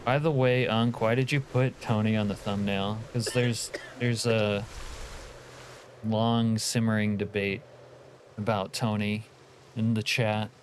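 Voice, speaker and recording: A man with a low voice gives loose, casual commentary on his game, replying to chat between mutters. He swears freely. A faint hiss of noise sits behind him. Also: flat delivery, slow pace. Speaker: streamer.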